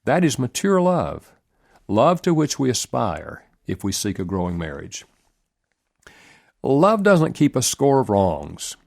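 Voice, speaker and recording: A man reading a relationship self-help audiobook in a measured, earnest narration with lively rises in pitch. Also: vocal fry.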